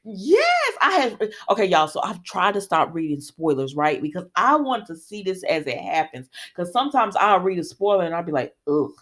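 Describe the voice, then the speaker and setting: A woman's voice: fairly low pitch, animated, brisk, few pauses, a bit bright. A woman hosting a soap opera recap, chatting casually and animatedly straight to her viewers.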